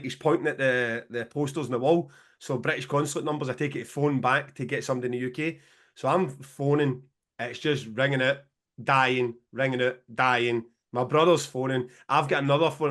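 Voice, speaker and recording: A man in his forties co-hosts a podcast, spinning a long and animated story in casual chat. He swears freely and breaks into laughter now and then, his voice sitting at an ordinary middle pitch. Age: 40s. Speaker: podcast co-host.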